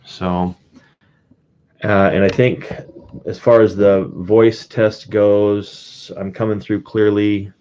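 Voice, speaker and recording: A man with a very deep, low voice talks casually on a live stream, greeting viewers one by one. He rambles with plenty of fillers and restarts and chuckles now and then. The audio is dull and lo-fi. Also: little pitch movement, takes it slowly, dark tone, clean tone. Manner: rambling, chatty, reads out viewer names. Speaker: streamer and coin collector.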